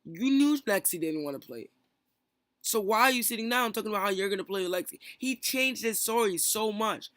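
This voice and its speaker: Frustrated and fast, a young man rants in a callout vlog, stacking up fillers and rhetorical questions with lively intonation. He speaks in a high, bright voice, captured close and dry without any room sound.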